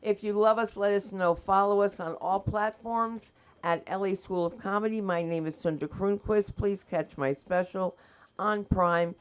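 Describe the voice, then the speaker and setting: A woman's voice: medium pitch, unhurried, smooth. A woman hosting, wrapping up the open mic show and thanking the crew. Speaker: show host. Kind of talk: show wrap-up.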